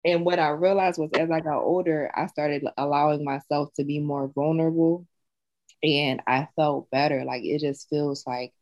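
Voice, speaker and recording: A woman's voice: deep voice, flat delivery, normal speed, darkish tone. Reflective woman, slightly dull sound. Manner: reflective, open, supportive. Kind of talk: casual podcast chat.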